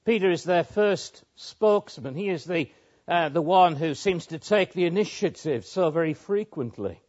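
Man, preacher, measured expository sermon, fairly high voice, dull lo-fi sound. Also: expressive, a little mellow. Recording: muffled lo-fi sermon recording.

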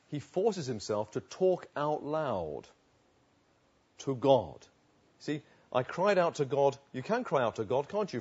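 An earnest male preacher delivers a sermon with a husky voice that swings widely up and down. He talks in an emphatic way and leans on repeated phrases. The sound is a little dull and lo-fi. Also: medium pitch, mellow. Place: outdoors.

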